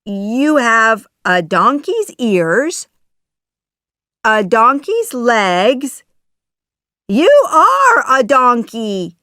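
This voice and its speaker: A woman voicing an excitable wooden puppet boy in a children's audio story, high and exclaiming. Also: extremely slow, clear, resonant tone, no room sound, clean studio sound, heavily acted. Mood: eager.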